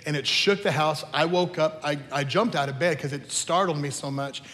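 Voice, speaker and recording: A man's voice: on the high side, moderate pace, a bit bright. A man pastor preaching a sermon, telling stories in a chatty way with teasing asides. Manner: conversational storytelling with teasing asides. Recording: long reverb of a large hall.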